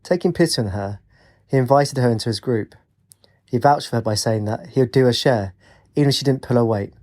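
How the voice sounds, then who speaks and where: A man reading a fantasy audiobook as narrator, in a measured, even reading. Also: medium pitch. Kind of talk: scripted narration.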